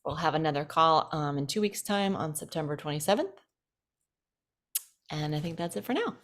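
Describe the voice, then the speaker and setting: A woman hosting a casual health chat, explaining tips in a steady instructive way. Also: sits low, normal speed. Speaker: host.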